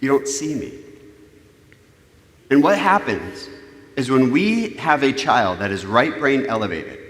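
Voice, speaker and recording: Animated man in an echoing church. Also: mid-range voice. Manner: animated, humorous, acts out quoted voices. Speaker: church speaker. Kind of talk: conversational sermon on parenting. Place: church sanctuary. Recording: echoey hall reverb.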